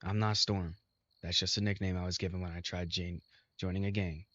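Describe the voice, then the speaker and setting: A foul-mouthed young minotaur, blunt and fierce, chewing out a friend, as a man reads him aloud. The voice sits low and pushes hard. It comes through a dull, dry home recording with no room around it. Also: little pitch movement, brisk, a bit bright, dry recording. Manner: crude, swearing, scolding.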